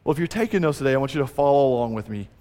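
A man's voice: mid-range voice, animated, very fast, dark tone, in a large hall. A man preaching a sermon, earnest and building emphasis as he retells a story. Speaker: pastor.

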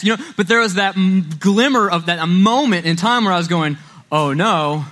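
A man's voice: fairly high pitch, brisk, a bit bright. A man preaching a sermon as pastor, telling stories in a conversational way and often checking in with "right?". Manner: conversational storytelling, frequent "right?" asides.

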